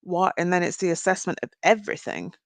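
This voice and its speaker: A woman's voice: fairly low pitch, animated, fast, no room sound. A woman doing a live tarot reading, chatting straight to her viewers. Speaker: tarot reader. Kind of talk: live-stream card reading.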